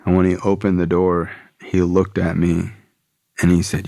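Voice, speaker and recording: A man's voice: sits low, flat delivery, moderate pace, gravelly, dark tone, no room sound, clean studio sound. A man guesting on a podcast, telling his own story candidly, with profanity and frequent "like" and "you know". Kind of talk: personal storytelling.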